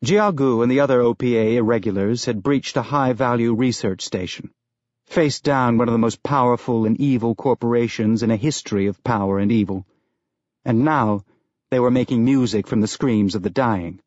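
A man's voice: mid-range voice, moderate pace, a little mellow, no echo, lo-fi sound. Man narrating a sci-fi novel. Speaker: audiobook narrator. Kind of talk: scripted narration.

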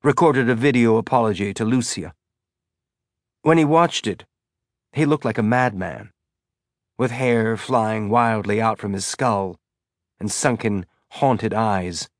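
A man reading a novel aloud in measured, tense scripted narration. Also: lowish voice, dry recording, studio quality. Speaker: audiobook narrator.

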